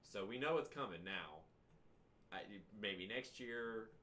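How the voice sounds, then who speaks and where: A man hosting a casual podcast chat, laid-back, laughing often and trailing off quietly. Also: lowish voice, expressive, takes it slowly. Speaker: podcast host.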